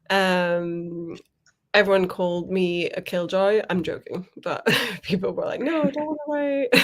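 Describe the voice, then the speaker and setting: A woman co-hosting a live writing stream over a video call, chatting casually, laughing often and reading comments aloud. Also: medium pitch. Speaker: co-host of writing sprint stream. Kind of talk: casual chat.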